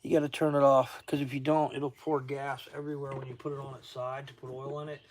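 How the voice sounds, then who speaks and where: A man's voice: medium pitch, little pitch movement, fast talker. Tired, rambling Southern man. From Florida. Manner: rambling, chatty, greets viewers by name. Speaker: outdoor livestream host. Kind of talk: casual livestream chat. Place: garage workshop.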